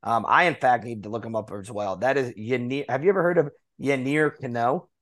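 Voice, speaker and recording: A man's voice: medium pitch, fairly quick, fairly bright tone. Casual male baseball podcast host. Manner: conversational, reads notes with fillers. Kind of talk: casual sports chat.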